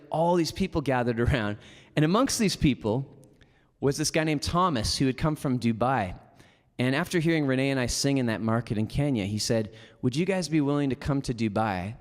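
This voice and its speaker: Man telling stories in an echoing hall. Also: mid-range voice. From Canada. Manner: lively storyteller, casual with many "like" fillers. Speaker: motivational speaker. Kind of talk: storytelling keynote talk. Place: large hall before an audience.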